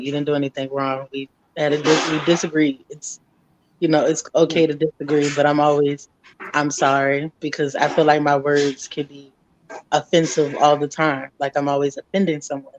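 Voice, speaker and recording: A woman speaking softly and earnestly in a casual podcast chat. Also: low-pitched, level tone, moderate pace, background noise.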